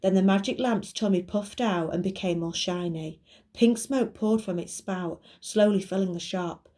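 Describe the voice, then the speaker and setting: A woman, a primary school teacher reading a children's book aloud clearly and expressively. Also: mid-range voice, moderate pace, warm tone.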